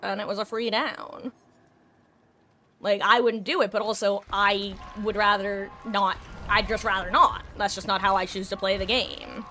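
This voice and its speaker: A woman's voice: mid-range voice, little pitch movement, moderate pace, sharp tone, a little hiss or hum. A woman chatting casually while she streams a game. She rambles and swears freely. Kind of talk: casual chat while gaming.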